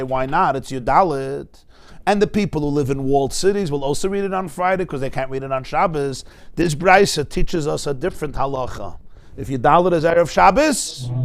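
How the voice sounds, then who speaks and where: Guy teaching a talmud class, kinda high voice, gets loud and animated then drops to quiet asides. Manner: animated, swings between loud emphatic bursts and quiet asides; talks to the class directly, asks rhetorical questions.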